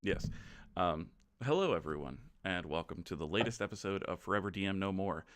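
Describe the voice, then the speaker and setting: Deep-voiced man hosting. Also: animated, brisk, a bit bright, no room sound, studio quality. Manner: chatty, loose, many ums. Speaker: game master and host. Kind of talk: casual show announcements.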